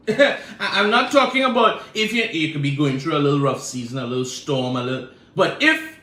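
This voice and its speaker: In an echoey church sanctuary, a pastor with a fairly high, lively voice preaches at normal speed with a sharp edge. He builds momentum through repeated rhetorical questions and calls on the congregation to answer.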